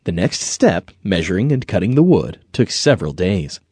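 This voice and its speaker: A man narrating an audiobook in a gentle storytelling way. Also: sits low, sing-song, normal speed, breathy edge, no room sound. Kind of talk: scripted narration. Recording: dry close studio recording.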